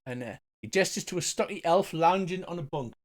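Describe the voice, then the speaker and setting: A man's voice: a little high, lively intonation, fairly quick. A man running a tabletop game as game master, narrating with many hesitations. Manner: hesitant, lots of ums.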